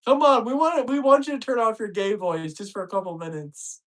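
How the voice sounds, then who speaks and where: Mocking male co-host with lively pitch. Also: a little fast. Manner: mocking, pleading, laughing along. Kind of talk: casual call-in chat.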